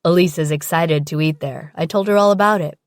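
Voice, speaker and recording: A woman voicing a young male surgeon boyfriend with a quick temper, curt in anger and pleading in apology. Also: low voice, no room sound, clean studio sound, lightly acted. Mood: casual.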